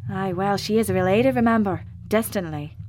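An actress playing a sharp-tongued, bantering woman at a wedding, in a TV drama. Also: mid-range voice, brisk, slight background noise, natural voice. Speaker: wedding guest avoiding an old friend. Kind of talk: TV drama acting.

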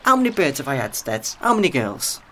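An actor playing a young man who has been drugged, frightened and grieving a lost love, his voice swinging high and low and breaking into sobs. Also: big pitch swings, fairly quick, fairly bright tone, slight background noise, low-quality recording. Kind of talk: audio drama acting.

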